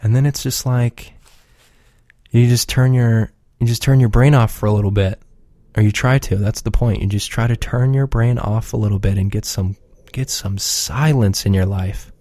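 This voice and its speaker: On his own show, a regular podcaster rambles loosely in casual chat, cursing often and staying laid-back. His lowish voice is warm and mellow, his delivery relaxed and unpolished at normal speed. The recording is close and dry, with no room sound.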